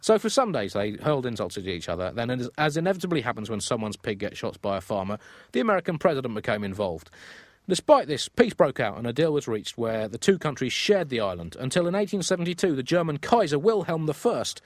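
A man's voice: medium pitch, sing-song, fast talker, no room sound, studio quality. A man hosting a comedy podcast, telling a story with theatrical, gleeful delivery. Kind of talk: comic storytelling.

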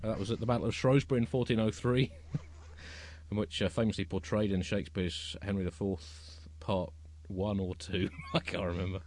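A man co-hosting a comedy podcast, telling absurd stories in a wry, deadpan manner. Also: fairly low pitch, moderate pace. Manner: wry, deadpan, absurd comic storytelling with chuckles. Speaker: podcast co-host. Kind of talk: comic podcast monologue.

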